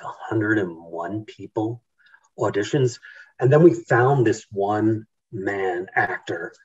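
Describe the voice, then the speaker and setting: A male author talking in an interview, halting, with many fillers and restarts. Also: on the low side, darkish tone, husky, distant mic, dull audio. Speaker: author guest. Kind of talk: casual interview talk.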